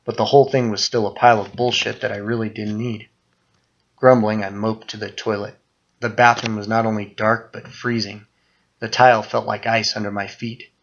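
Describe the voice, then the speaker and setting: Low-voiced man reading horror fiction. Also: flat delivery, normal speed, highs cut off. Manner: dramatic, muttering narration with sudden loud outbursts in quoted lines. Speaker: author reading his own story.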